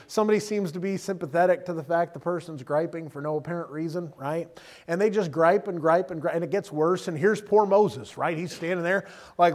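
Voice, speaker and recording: Middle-aged guy preaching, chatty and jokey, slightly high voice. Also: quick pace. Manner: conversational, humorous, asks "right?" often. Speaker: pastor. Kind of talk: sermon.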